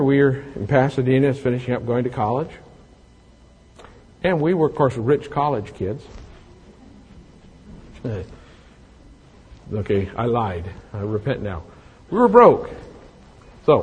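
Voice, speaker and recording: Mężczyzna po pięćdziesiątce, kazanie w pogłosie hali. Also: male voice, medium pitch, mellow, husky. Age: 50s. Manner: folksy, self-mocking storytelling with scripture reading. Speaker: pastor. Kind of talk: sermon. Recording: long hall reverb.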